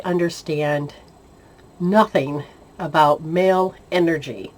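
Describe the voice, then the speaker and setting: A woman casually telling a personal spiritual story, animated, often laughing and acting out the dialogue. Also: on the low side. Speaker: spiritual intuitive sharing experiences.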